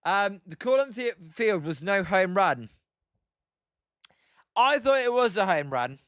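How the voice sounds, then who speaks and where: A man's voice: high voice, very animated, slow, fairly bright tone, no echo, studio quality. A young English man giving casual live reaction commentary on a baseball game as a stream host, chatting and answering viewer comments with frequent fillers. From England. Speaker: livestream host watching baseball.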